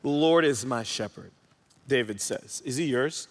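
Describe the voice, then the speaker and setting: A man's voice: medium pitch, a little slow. A man preaching a sermon in a church hall, earnest and emphatic, repeating key phrases. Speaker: pastor. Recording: long hall reverb.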